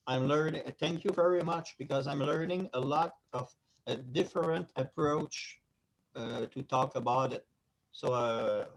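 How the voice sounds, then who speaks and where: A man's voice: medium pitch, rough recording. Hesitant man with a non-native accent. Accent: non-native English. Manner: grateful, hesitant, many fillers. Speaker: participant in an online discussion.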